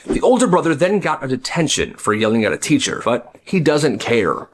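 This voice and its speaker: A man narrating school stories in an animated, emphatic way. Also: medium pitch, moderate pace, few pauses. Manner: animated, emphatic, acts out voices. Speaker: storyteller. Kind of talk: story-time narration.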